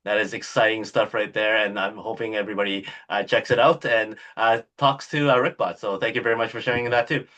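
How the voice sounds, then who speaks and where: A man's voice: lowish voice, fairly even intonation, brisk, few pauses, fairly bright tone. A man hosting a podcast interview, upbeat and casual, with filler sounds. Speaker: podcast host.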